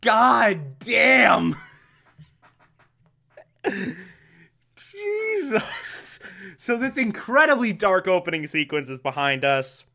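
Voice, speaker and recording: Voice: mid-range voice, lively intonation, slow, vocal fry, pauses often, bright, forceful tone. A reviewer recapping an old TV episode in casual, sarcastic, exasperated commentary. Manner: sarcastic, exasperated, bursts into laughter.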